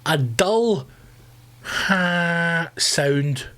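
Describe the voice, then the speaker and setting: A Scottish man hosting a solo comedy podcast, ranting loudly and swearing, with sudden screamed bursts. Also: a little high, expressive, very slow. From Scotland. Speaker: podcast host.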